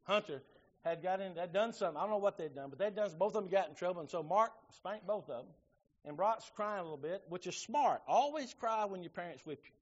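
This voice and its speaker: A man's voice: high voice, animated, fairly quick, muffled recording. A middle-aged man, preaching a sermon in a folksy storytelling way. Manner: folksy storytelling with Southern phrasing. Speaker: pastor.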